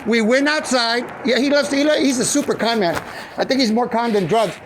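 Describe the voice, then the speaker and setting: Agitated high-voiced man venting, cursing. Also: expressive, a little fast, background noise. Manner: agitated, rambling, profane. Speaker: family member speaking to police. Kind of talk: heated account of a family dispute.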